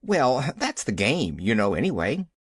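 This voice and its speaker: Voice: mid-range voice, big pitch swings, measured pace, husky, no echo, studio quality. A reader voicing an eager, cheerful little orphan girl. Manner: bright, eager, upbeat.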